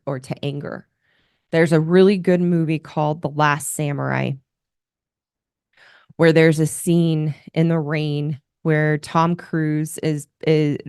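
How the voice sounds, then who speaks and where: A woman with a low voice talks through marriage advice as a coach in an earnest, instructive way. She often restarts her phrases as she works out a point. The sound is dry and close, with no room echo. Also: a little mellow, smooth. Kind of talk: solo advice monologue.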